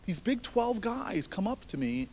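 A man tells a personal story to a crowd of students, animated and swinging from loud bursts to hushed earnest passages. His voice sits unusually high for a man and has a gravelly rasp underneath. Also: measured pace, slight background noise. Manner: animated, building to shouts, then hushed and earnest. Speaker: speaker addressing a university audience. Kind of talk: storytelling speech.

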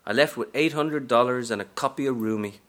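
A man's voice: medium pitch, brisk, a bit bright, close to an everyday voice. A man reading aloud from a novel, narrating as a brash, streetwise aging woman hustler in a sassy first-person style.

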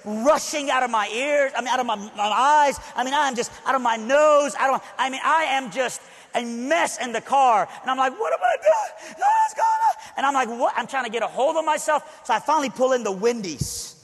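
High-voiced man preaching in a hall. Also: fairly quick, fairly bright tone. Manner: conversational, with frequent asides to the audience. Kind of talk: personal storytelling sermon. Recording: long hall reverb.

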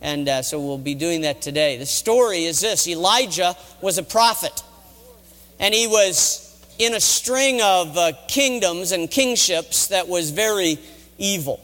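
A man's voice: high-pitched, lively intonation, measured pace, fairly bright tone. A middle-aged man, a college chaplain, retelling a Bible story in a dramatic sermon. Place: college chapel. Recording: reverberant chapel hall.

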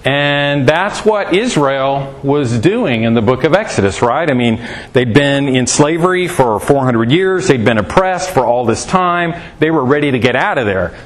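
A man with a mid-pitched voice teaching scripture in a relaxed, conversational way. He fires off rhetorical questions and jumps his voice up high to make a point. Folksy asides and little fillers keep it feeling like a chat. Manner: animated, asks rhetorical questions, swings pitch for emphasis. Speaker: preacher.

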